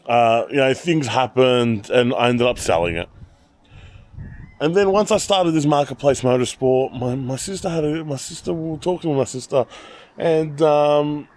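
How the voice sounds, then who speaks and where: A man with an Australian accent, chatting casually and rambling as he walks through his car collection, telling animated stories. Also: mid-range voice, no room sound. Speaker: channel host. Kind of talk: casual car walkaround vlog.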